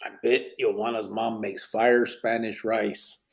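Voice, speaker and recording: A man's voice: on the low side, flat delivery, unhurried, vocal fry, breathy edge. A man hosting a casual live podcast, reading chat comments aloud in a laid-back way, swearing freely and dropping Spanish words.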